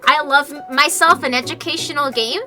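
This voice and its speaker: Young woman, high bright voice, playful streamer reading a dating game aloud, jokey asides, faint music behind. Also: fairly quick.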